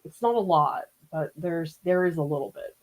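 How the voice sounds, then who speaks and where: In a low-quality recording, a woman with a low, expressive voice speaks at a moderate pace. She's a middle-aged Boston-area art teacher, painting during a live demo, chatty, laughing frequently and thinking aloud.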